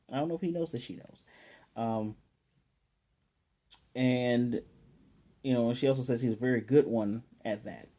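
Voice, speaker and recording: A man's voice: medium pitch, mellow. A man casually recapping an anime episode, acting out the characters' lines as he retells the scenes. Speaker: anime reviewer.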